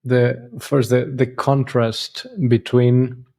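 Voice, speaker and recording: Podcast co-host, earnest and reflective, mid-pitched. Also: male voice, level tone, slow, creaky, darkish tone. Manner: earnest, reflective, many restarts. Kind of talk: movie discussion podcast.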